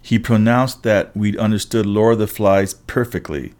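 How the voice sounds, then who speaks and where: A man reading a first-person story aloud as an audiobook narrator, steady with wry asides. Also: on the low side, moderate pace.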